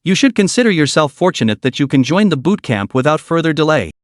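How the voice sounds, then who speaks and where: A male narrator voicing a gruff, scolding old male director who talks in a stern, blustering way. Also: a little high, big pitch swings, fast, no echo, clean studio sound.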